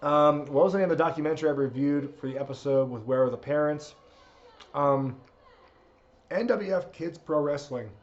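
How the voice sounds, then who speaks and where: A man's voice: mid-range voice, darkish tone, highs cut off. A man hosting a live wrestling watch-along stream, chatting casually, laughing, and reading out viewer requests. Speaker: streamer host.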